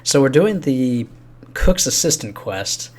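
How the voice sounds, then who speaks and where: A man's voice: mid-range voice, very animated, slow pace. A man in his thirties casually chatting while playing through a game quest, rambling and chuckling with many fillers. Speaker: game host recording a quest playthrough. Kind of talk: casual gaming chat.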